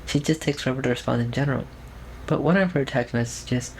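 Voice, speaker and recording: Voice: mid-range voice, fairly even intonation, brisk, vocal fry, slight background noise, low-quality recording. A young adult vlogger speaking in a trained feminine voice, giving a casual, rambling update at home with lots of fillers and restarts. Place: at home, alone with camera.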